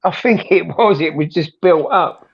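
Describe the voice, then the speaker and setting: A man's voice: on the high side, moderate pace, vocal fry, a little hiss or hum. A man chatting on a live stream, sweary, slangy and blunt, laughing often. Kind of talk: casual chat. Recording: dull lo-fi mic.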